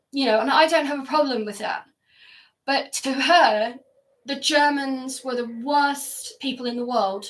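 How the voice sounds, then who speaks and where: A woman vlogging from upstairs at home, speaking in a reflective, halting way with many fillers. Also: fairly high pitch, sharp tone, recorded from a distance. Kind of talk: personal reflective monologue.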